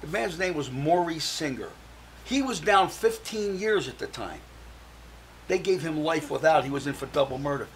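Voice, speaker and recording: A man's voice: fairly high pitch, animated, normal speed, slight background noise, poor audio. An older man, a guest on a talk show, telling his personal story and acting out the voices of the people he quotes.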